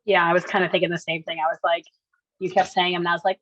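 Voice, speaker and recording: A woman's voice: on the low side, level tone, fast, a bit bright, no echo, muffled recording. A woman taking part in a coaching session over a video call, reflecting casually on how she felt. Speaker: coaching participant.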